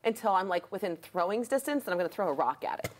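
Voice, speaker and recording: A woman's voice: medium pitch, big pitch swings, fast, a crowd in the background. A woman playing in a casual tabletop role-playing session, speaking hesitantly with many fillers. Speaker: player.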